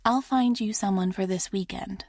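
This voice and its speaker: A woman narrator voicing a shy, eager young heroine who leaps into high, bright exclamations in audiobook dialogue. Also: moderate pace, no echo, studio quality, natural voice. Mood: flustered. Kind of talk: audiobook character reading.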